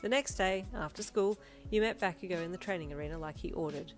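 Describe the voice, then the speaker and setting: A woman narrating a fan fiction story in an expressive second-person reading. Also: lowish voice, quick pace, faint music behind. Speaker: audiobook narrator.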